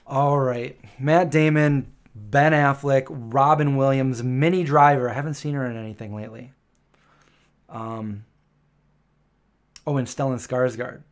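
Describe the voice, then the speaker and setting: Streamer host, male, mid-range pitch: casual, rambling, hesitant live-chat delivery. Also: fairly even intonation, measured pace. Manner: chatty, rambling, lots of um and self-correction.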